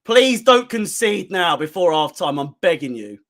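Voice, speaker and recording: A hoarse man, hosting a live match watchalong for a fan channel, swearing heavily and swinging between low muttering and screaming. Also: big pitch swings, normal speed, fairly bright tone.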